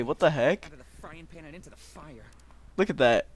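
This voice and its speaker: A man's voice: medium pitch, expressive, slow pace. A teenage boy chatting casually with friends while gaming, giggly and easily surprised. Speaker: gamer.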